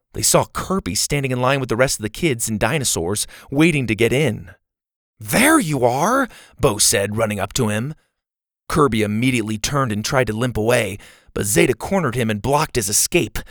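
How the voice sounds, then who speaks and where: A man narrating a children's adventure story, lifting into high, loud voices for the shouting kids. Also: no room sound, studio quality. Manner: animated, jumps high for shouted kid lines. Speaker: audiobook narrator.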